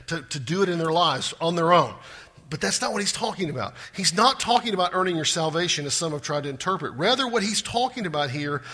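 A man preaching with a bright, forceful voice pitched a touch high. He drives points home with repetition, then drops to quiet asides. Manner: animated preaching, repeats for emphasis, swings from loud to hushed. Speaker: pastor. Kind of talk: sermon.

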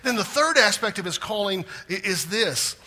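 A man preaching a sermon with big swings in pitch and loudness, sometimes dropping to a hushed voice for emphasis. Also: expressive, moderate pace. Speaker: pastor.

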